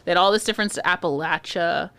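A woman's voice: fairly low pitch, fast, clean tone, no room sound. A young adult woman co-hosting a podcast, telling stories in blunt, profane casual chat. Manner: blunt, profane, animated storyteller. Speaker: podcast co-host.

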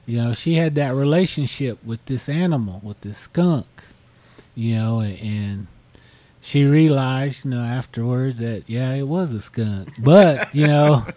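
A man's voice: medium pitch, measured pace, warm tone, no room sound. A man casually retelling a listener's story on a podcast, full of fillers and restarts. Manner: rambling, many fillers like "you know". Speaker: podcast host.

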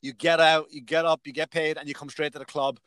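A man's voice: on the high side, little pitch movement, quick pace, a bit bright, dry recording. A male stand-up comedian in casual chat, telling stories from his gigs, swearing freely and acting out what others said. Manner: storytelling, swears freely, acts out other people's lines.

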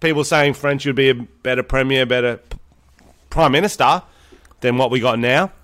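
A man's voice: medium pitch, fairly even intonation, fairly quick, a bit bright, clean tone. A young Australian man co-hosting a podcast, joking around and swearing freely in casual banter. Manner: crude, sweary and jokey. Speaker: podcast co-host.

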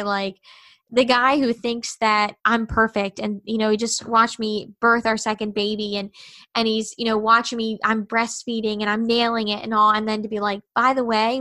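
A woman in her thirties with a bright, forceful voice sitting slightly high, talking as a podcast guest. She tells her own story casually and candidly, acting out past conversations, and the sound is close and dry. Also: dry recording.

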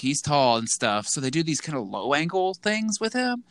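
A man's voice: on the high side, sing-song, normal speed, fairly bright tone. Rambling man on a podcast. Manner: rambling, full of "like" and restarts, acts out quotes in a goofy voice. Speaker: podcast co-host. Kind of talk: casual chat.

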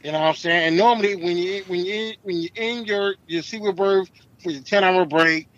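A middle-aged man, a truck driver, telling stories casually, profane and animated, acting out the people in them. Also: high voice, moderate pace, muffled recording. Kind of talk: casual podcast storytelling.

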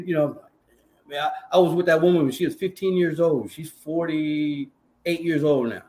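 A man's voice: a little high, moderate pace. A man in his forties with a Texan accent, a podcast guest telling stories animatedly in street slang. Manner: animated storyteller, acts out quotes, street slang. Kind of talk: casual storytelling interview.

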